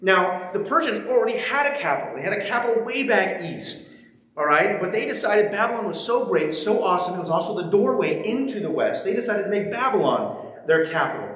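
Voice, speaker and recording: A man's voice: high voice, sing-song, brisk, a bit bright. A man preaching a sermon, reading scripture and then talking with the congregation in a conversational, humorous way, often checking in with them. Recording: very echoey large hall.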